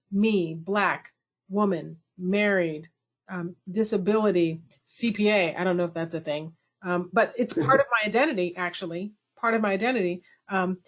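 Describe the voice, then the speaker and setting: Woman webinar host on a video call, middle-pitched, chatty and self-deprecating. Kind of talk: conversational webinar talk.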